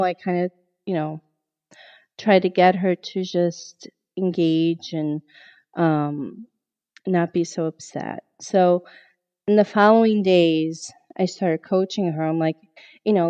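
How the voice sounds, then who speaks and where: A middle-aged therapist, appearing as a podcast guest, tells a personal story in an animated way, acting out the thoughts she once had. Her voice is on the low side and smooth, and the recording sounds lo-fi.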